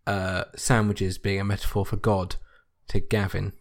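Wry low-voiced man bantering. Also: little pitch movement, normal speed. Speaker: podcast co-host. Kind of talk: casual chat recapping a sitcom.

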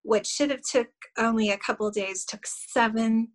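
A woman's voice: a little high, steady tone, moderate pace, rough recording. A middle-aged woman, a guest on a podcast, earnestly telling a personal story with many fillers and small laughs. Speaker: guest, shamanic healer.

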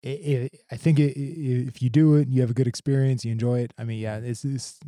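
A man interviewing a guest in a casual chat, speaking haltingly, with lots of stops and restarts. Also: medium pitch, fairly even intonation, dark tone, no echo, clean studio sound. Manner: halting, many fillers and restarts.

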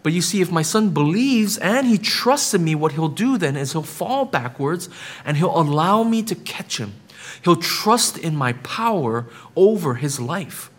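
A man's voice: on the high side, big pitch swings, measured pace. A man preaching a sermon as pastor, building emphatic repetitions and often checking in with the listeners with "right?".

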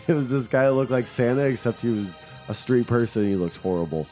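A man's voice: mid-range voice, animated, a little fast, mellow, soft background music. A laid-back man hosting a comedic radio talk show, laughing often and trailing off with fillers. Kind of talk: casual comedic chat.

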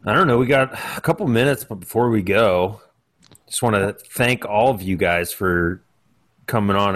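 Low-voiced joking podcast host man. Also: moderate pace, a bit bright. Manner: joking, sarcastic, swears freely. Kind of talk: casual chat.

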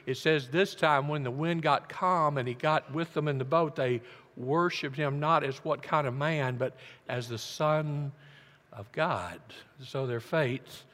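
A man preaching a sermon, telling the story dramatically and swinging from hushed tones to loud emphasis. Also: on the high side, long reverb tail. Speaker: pastor. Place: church.

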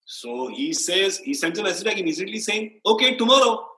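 A man with an Indian English accent, a sports anchor telling lively anecdotes as a guest, acting out quotes and laughing often. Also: high-pitched, a little fast, echoey room, slight background noise, low-quality recording. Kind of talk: casual storytelling interview.

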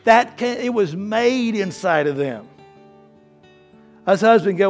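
A man preaching a sermon as pastor, swinging from hushed, slow lines to loud, fervent ones. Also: high voice. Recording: faint guitar music behind. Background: soft guitar playing.

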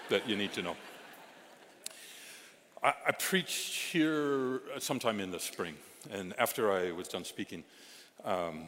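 A middle-aged male pastor telling stories in a sermon, animated, moving from loud exclamations to hushed asides. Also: sits low. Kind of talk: storytelling sermon. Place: church sanctuary. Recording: reverberant hall sound.

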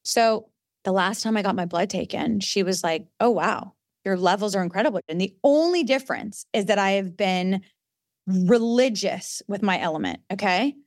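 A woman's voice: medium pitch, animated, moderate pace, dry recording, clean studio sound. A woman podcast co-host doing an earnest, chatty host-read ad.

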